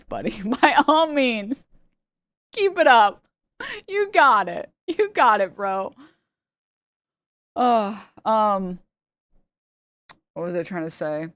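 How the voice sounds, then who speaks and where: A woman's voice: on the low side, no room sound. A woman livestreamer chatting casually to her chat, rambling and swearing, often laughing and mocking her critics.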